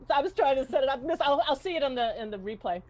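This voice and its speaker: A woman with a high voice tells improvised jokes haltingly, pausing as she searches for her words. There is faint noise behind her on the video call. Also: animated. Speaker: improv performer. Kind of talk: improvised joke-telling.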